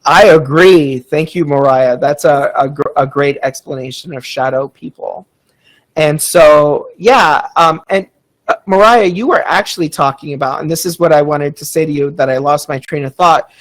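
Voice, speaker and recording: A man's voice: on the high side, normal speed, poor audio. A man hosting a casual storytelling podcast, rambling and chatty with lots of fillers, reading out listener comments. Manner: reads out audience chat comments. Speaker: podcast host.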